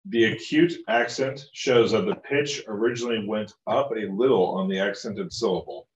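Man reading a textbook out loud in class, lowish voice, sounds far off in an echoey room, kinda muffled. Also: normal speed. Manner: reads steadily, asks short questions. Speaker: student. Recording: roomy, distant and muffled.

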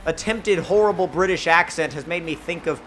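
A man giving excitable, jokey, rambling commentary while playing a racing game. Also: on the high side, a little fast, a little hiss or hum. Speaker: gaming channel host. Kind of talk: gameplay commentary.

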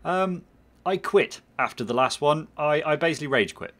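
A man's voice: a little high, expressive, normal speed, fairly bright tone. A man commentating his own game playthrough, rambling and self-mocking, muttering at the game as he plays. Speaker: gaming channel host. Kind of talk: let's play commentary.

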